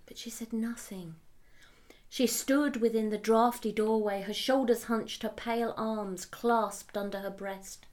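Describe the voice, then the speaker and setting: Woman, storyteller, measured delivery, hushed whispers at times. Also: medium pitch. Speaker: narrator. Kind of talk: storytelling read-aloud.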